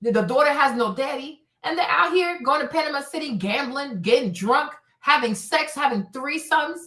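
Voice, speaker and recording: A woman's voice: high voice, lively intonation, normal speed, a bit bright. A woman hosting a commentary show, talking heatedly and bluntly, cursing and repeating lines for emphasis. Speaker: host. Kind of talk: casual commentary. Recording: echoey room.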